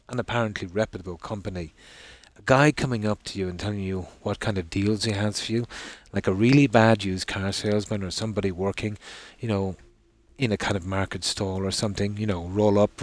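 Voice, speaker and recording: An Irish man tells a long, rambling story as he streams a game, a lot of "I said" as he goes. His voice sits low. The sound is dry and close, with no room echo. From Ireland. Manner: rambling anecdote, frequent "I said". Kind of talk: casual storytelling while streaming.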